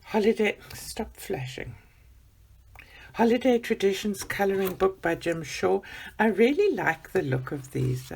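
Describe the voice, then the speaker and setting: A woman chatting excitedly as she unboxes gifts for her vlog, gushing and gasping with delight. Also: mid-range voice, a little slow, creaky, slightly rough.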